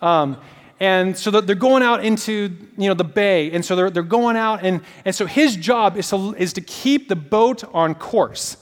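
Man, sermon, high voice, animated storytelling, lots of fillers, long hall reverb. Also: unhurried. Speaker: pastor.

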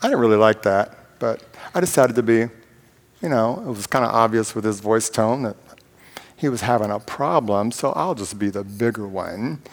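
A man's voice: lowish voice, animated, normal speed. A man preaching a conversational sermon, telling personal stories in a candid, self-deprecating, plain-spoken way. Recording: long hall reverb.

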